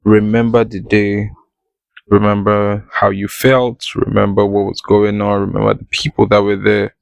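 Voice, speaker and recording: A man with a low, gravelly voice hosts his solo podcast. He talks to the listener in a playful, conversational way. The sound is close and dry, with no room echo. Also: completely flat delivery, moderate pace. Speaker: podcast host.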